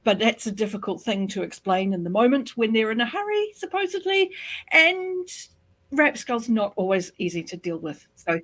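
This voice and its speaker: A woman in a casual book discussion, talking through her points in a measured, reasoned way. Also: a little high, very animated, a bit bright, no echo, rough recording. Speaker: book club member.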